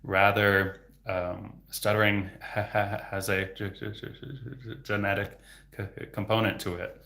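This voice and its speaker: A man's voice: fairly low pitch, level tone, a little slow, vocal fry, pushed and bright. A man who stutters heavily, repeating sounds and words, answering questions casually as a livestream host. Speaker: livestream host and speech therapist.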